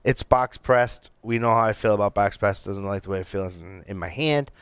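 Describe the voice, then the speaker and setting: Chatty man with a smooth voice. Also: on the low side, normal speed, no room sound. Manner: excitable, animated storytelling with many restarts and fillers. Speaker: podcast co-host reviewing cigars. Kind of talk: casual chat.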